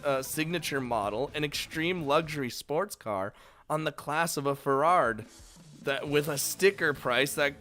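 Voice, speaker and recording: A man with a bright, forward voice reads the game's narration aloud, then breaks off into wisecracks, curses and laughter. His pitch sits in an ordinary middle range, and faint game music plays under him. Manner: jokey, swearing, laughing asides. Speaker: let's play host. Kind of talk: reading a visual novel aloud with commentary.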